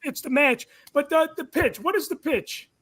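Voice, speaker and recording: A man's voice: very high-pitched, expressive, normal speed, a bit bright. A man hosting a podcast in casual chat, playful and quizzing, laughing often. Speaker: podcast host.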